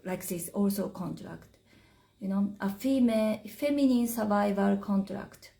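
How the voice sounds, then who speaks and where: A woman whose first language is Japanese, speaking in halting English as a spiritual teacher in a casual live-stream chat, searching for her words. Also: medium pitch, gravelly, darkish tone.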